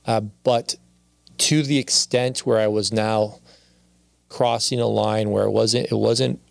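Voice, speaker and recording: A man with a gravelly, creaky voice talks as a podcast guest and reflects openly on his life. He often circles back and repeats his phrases. The sound is close and dry, with no room echo. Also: lowish voice, steady tone, takes it slowly. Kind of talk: candid podcast conversation.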